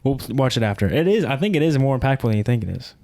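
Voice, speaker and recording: Fast-talking young man reacting to a film. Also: mid-range voice, lively intonation, a little mellow. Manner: quick, rambling, lots of restarts. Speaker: podcast co-host. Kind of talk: casual movie reaction chat.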